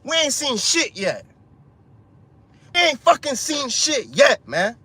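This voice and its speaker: A man's voice: very high-pitched, wildly swooping pitch, slow pace, pushed and bright. A man preaching an informal street sermon, urgent and profane, ending lines with "man" and "bro".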